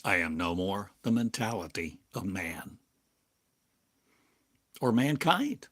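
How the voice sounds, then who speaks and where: An older man giving a slow, halting spiritual monologue as a teacher, speaking in drawn-out phrases with long pauses. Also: low-pitched, fairly bright tone. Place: home in a small town, drinking coffee.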